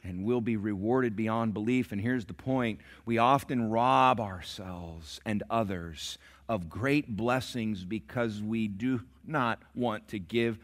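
A man preaching a sermon in a church, telling a story dramatically and swinging from hushed to loud. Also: on the low side, takes it slowly, hardly any pauses. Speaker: pastor. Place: church sanctuary.

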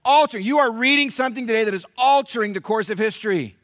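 A middle-aged man preaches to his church in a high, bright voice, captured close and dry. He is animated and conversational, firing questions at the congregation. The tone is a lively sermon. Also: quick pace, no room sound. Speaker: pastor. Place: church sanctuary.

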